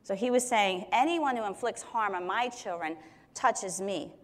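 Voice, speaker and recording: A woman's voice: medium pitch, a little slow. A woman teaching on Scripture in a conversational way, explaining verses with everyday examples. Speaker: Bible teacher. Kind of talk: Bible teaching talk.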